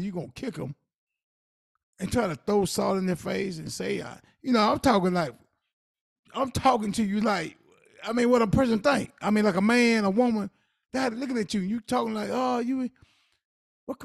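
A man's voice: high-pitched, gravelly, no echo, clean studio sound. A man co-hosting a podcast, giving earnest, preachy advice in casual talk. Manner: earnest, preachy advice with Southern Black vernacular. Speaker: podcast co-host.

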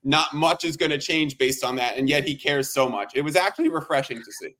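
Animated man co-hosting a sports podcast. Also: fairly high pitch, brisk. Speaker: podcast co-host. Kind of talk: casual sports chat.

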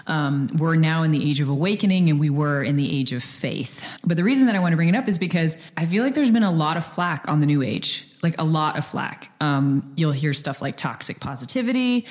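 A woman with a very low voice hosts a podcast. She lays out the topic in a chatty, casual way. Her talk is loose and full of fillers. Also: expressive, fairly quick, hardly any pauses. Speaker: podcast host. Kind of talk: casual chat.

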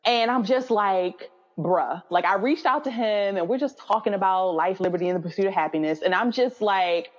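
A woman in her thirties telling a personal story in casual conversation, often acting out her own past words with leaps in pitch. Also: moderate pace, few pauses. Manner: animated, quoting herself with high-pitched voices. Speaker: guest. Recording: dull audio with long reverb.

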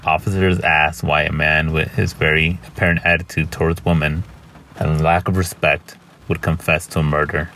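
A man narrates a horror story in a measured, grave way. His voice is very deep. Faint noise sits under the recording. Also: little pitch movement, bright, forceful tone.

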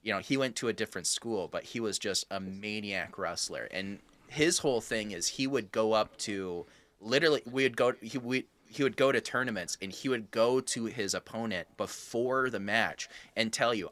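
Laid-back male host, sharp bright tone, thinks out loud. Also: fairly low pitch, moderate pace. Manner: easygoing, rambling, musing aloud. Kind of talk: casual conversation.

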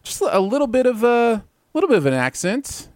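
A man's voice: very high-pitched, sing-song, brisk, dry recording, clean studio sound. A man hosting a casual pop-culture podcast, chatty and loose, chuckling between lines and using plenty of fillers. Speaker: podcast host.

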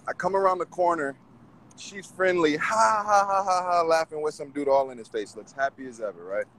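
A man calling in to a talk show, arguing his side in an animated way and often repeating himself. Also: on the high side, brisk, a little hiss or hum, low-quality recording. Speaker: caller. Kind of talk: casual call-in debate.

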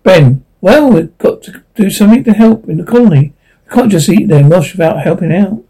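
A man's voice: sits high, animated, a little fast, dark tone, breathy edge, heavily acted, rough recording. A man reading the part of a blunt, dismissive young sailor.

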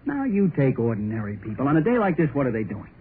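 An actor playing an eager young man named Bill in a 1930s radio drama, boyish and excitable, often breaking into laughter. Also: medium pitch, fast talker, a little hiss or hum, natural voice. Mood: exuberant. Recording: tinny old radio broadcast with music.

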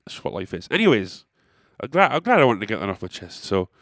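A man's voice: fairly low pitch, sing-song, fast talker, a bit bright, no room sound, studio quality. A young man, a musician, telling a rambling, self-deprecating story in casual monologue.

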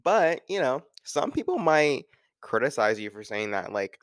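Guy just chatting solo, lots of likes and you knows, smooth clean voice, dry sound. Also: mid-range voice, sing-song, moderate pace, fairly bright tone, no echo. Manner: rambling, filler-heavy with frequent "like". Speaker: podcast host. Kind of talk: casual solo talk.

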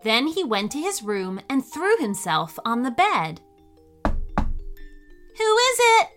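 A woman's voice: a little high, unhurried, faint music behind. Cheerful woman reading a kids' story. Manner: cheerful, expressive. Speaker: host and storyteller.

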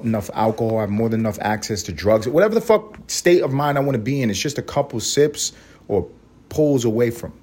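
A man talks alone into his podcast mic from home, his voice sitting a little low. He rambles from one thought to the next in crude, swear-heavy jokes, then swings into a mock sincere sign-off. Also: a little mellow. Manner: crude, profane, joking rants. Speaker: podcast host. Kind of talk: rambling solo podcast monologue.

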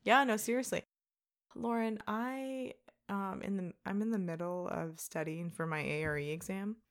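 Young woman talking a mile a minute, laughs a lot, casual podcast chat. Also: mid-range voice. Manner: fast-talking, laughing often. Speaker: podcast co-host.

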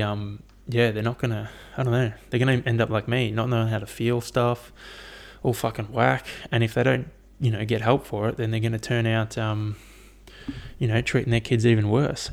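A man's voice: mid-range voice, vocal fry. A young man hosting a casual solo podcast, rambling and swearing with lots of fillers. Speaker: podcast host.

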